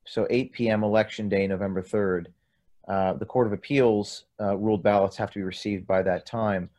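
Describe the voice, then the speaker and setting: A man's voice: lowish voice, steady tone, normal speed, a little mellow. A man conducting an investigative interview, asking pointed, leading questions.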